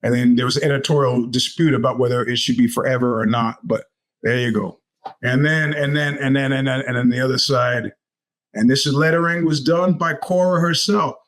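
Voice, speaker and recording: A man's voice: medium pitch, fairly even intonation, moderate pace, a bit bright. A middle-aged man, hosting a podcast and telling stories in a rambling, casual way, full of restarts. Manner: rambling storyteller with many restarts and fillers. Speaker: podcast host. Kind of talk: casual monologue.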